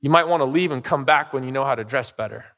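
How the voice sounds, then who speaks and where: A man's voice: medium pitch, fast, a bit bright, natural voice. A man doing a scolding church usher. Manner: scolding, dismissive. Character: stern disapproving older church usher, man.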